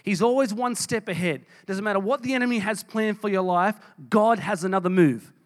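High-voiced man preaching. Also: brisk. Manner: emphatic preaching, reading scripture aloud with dramatic voices. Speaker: pastor. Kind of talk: sermon.

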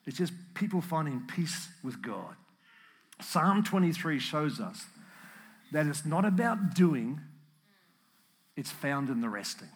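Guy preaching a sermon, emotional and earnest, kinda high voice, gets fired up at points. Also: slow, long pauses. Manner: earnest, emotional preaching, rising to animated emphasis. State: emotional, tearful at times. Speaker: pastor.

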